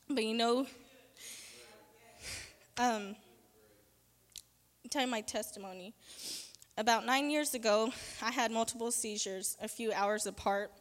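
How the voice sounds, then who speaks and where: Lady sharing her testimony at church, kinda high voice, halting and earnest, big echoey hall. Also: fairly even intonation. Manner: earnest and halting, with repeated fillers. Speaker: church member giving testimony.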